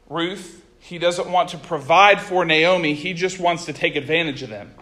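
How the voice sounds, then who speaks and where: A man preaching a sermon, reading scripture and retelling it in a conversational, animated way with casual asides. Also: on the high side.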